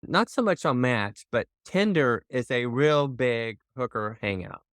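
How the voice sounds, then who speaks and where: A man's voice: medium pitch, animated, unhurried, fairly bright tone, clear, resonant tone, no echo, studio quality. A man in his fifties, a podcast guest chatting candidly and laughing easily. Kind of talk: casual podcast conversation.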